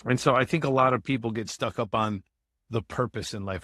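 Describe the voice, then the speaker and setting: A man's voice: medium pitch, expressive, normal speed, a bit bright, no room sound, clean studio sound. A man from Michigan, a guest in a podcast interview, telling his life story in a candid, conversational way. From Michigan, USA. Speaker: guest, motivational speaker.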